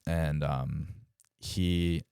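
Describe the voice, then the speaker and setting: A man's voice: rumbling low, extremely slow, gravelly, clean tone, dry recording, clean studio sound. A young man in his twenties, a pro baseball player and podcast guest, telling stories in a casual way and acting out quoted dialogue, with a lot of "like". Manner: animated, acts out quoted dialogue, frequent "like". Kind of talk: casual storytelling.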